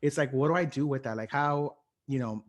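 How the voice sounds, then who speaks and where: A man's voice: mid-range voice, fairly quick. A man talks as a guest in a candid podcast interview. He thinks aloud in a searching, thoughtful way. His speech is loose and full of fillers.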